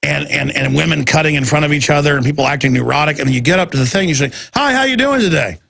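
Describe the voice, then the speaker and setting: A Texan man rants through a talk radio monologue, mocking the people he describes. His voice is gravelly and husky and sits fairly high for a man. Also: fairly even intonation, rapid-fire, a bit bright. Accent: Texas. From Texas. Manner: ranting, mocking impressions. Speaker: radio show host.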